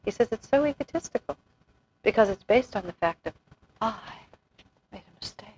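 A woman's voice: medium pitch, lively intonation, normal speed, a little mellow, slight background noise, poor audio. A woman giving an informal spiritual talk, telling anecdotes, acting out quotes and laughing often. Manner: chatty storyteller, laughs often, acts out quotes. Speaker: spiritual teacher.

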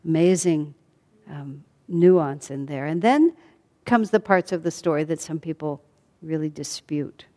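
Low-voiced woman teacher retelling a story. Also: measured pace. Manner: calm, reflective retelling with soft fillers. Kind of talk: storytelling lesson. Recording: long hall reverb.

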